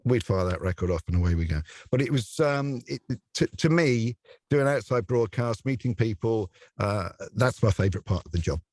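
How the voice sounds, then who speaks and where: A man's voice: on the low side, expressive, normal speed, a little mellow, dry recording. A man who works as a radio presenter, chatting in an interview and telling stories with plenty of laughter. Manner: chatty storyteller who laughs often and acts out voices. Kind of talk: relaxed anecdotal interview chat.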